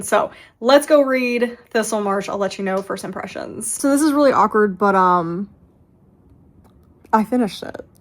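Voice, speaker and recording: A woman in her thirties talks through her reading in a loose, rambling vlog style. She keeps restarting her sentences mid-thought and has hiccups. Her voice sits at an ordinary pitch. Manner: rambling, self-interrupting, with frequent restarts. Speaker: book vlogger. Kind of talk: casual chatty vlog.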